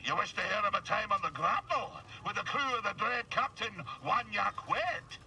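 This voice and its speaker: An actor playing a grizzled alien space pirate in a video game, spinning a theatrical yarn in a gruff seafaring drawl. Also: male voice, high voice, moderate pace, bright, forceful tone, exaggerated voice. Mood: storytelling. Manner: theatrical storyteller, relishes gory boasts. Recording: distant game audio with faint hiss.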